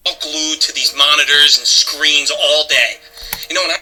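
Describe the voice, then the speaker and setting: A man's voice: fairly high pitch, fairly even intonation, moderate pace, pushed and bright, poor audio. An actor playing a stern middle-aged father who lectures his son, disapproving and scolding.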